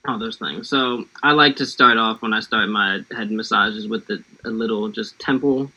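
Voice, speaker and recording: An easygoing, giggly American man who gently guides a relaxing warm-up over a video call. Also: fairly low pitch, moderate pace, lo-fi sound. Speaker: guest actor. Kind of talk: casual chat, leading a warm-up.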